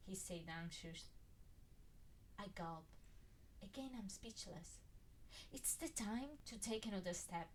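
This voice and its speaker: A woman reads fan fiction aloud in the first person, with expressive, swinging emphasis. Her pitch rises and falls widely through each sentence. Her voice sits at an ordinary middle pitch. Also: slow, long pauses, a little hiss or hum. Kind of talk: first-person story narration.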